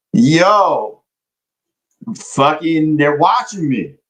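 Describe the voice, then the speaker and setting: Young guy livestreaming trades, bouncy lively pitch, slow drawn-out talk, cussing and chatting w chat. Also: rough recording. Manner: loose, swearing, chatting to viewers. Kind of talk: casual live-stream chat.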